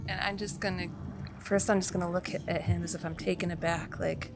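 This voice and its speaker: A woman's voice: fairly low pitch, little pitch movement, a little fast, music in the background. Playful giggly woman player. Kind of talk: tabletop game chat.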